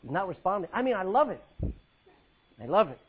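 A man preaches a sermon in a high, husky voice. His pitch and volume swing widely, from loud calls down to hushed lines. The recording is muffled and lo-fi. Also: big pitch swings, fairly quick.

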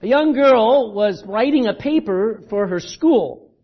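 A man's voice: extremely high pitch, expressive, a little slow, husky. A man preaching a sermon as pastor, talking conversationally and telling a joke as he goes, in a church. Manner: conversational, storytelling, repeats words. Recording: dull lo-fi recording.

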